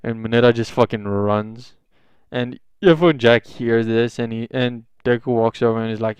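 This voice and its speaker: A man's voice: medium pitch, fairly even intonation, normal speed, a little mellow, smooth, dry recording, lo-fi sound. Rambling, swearing young man telling a story. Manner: rambling, heavy swearing, many fillers. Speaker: fan fiction storyteller. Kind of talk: casual improvised storytelling.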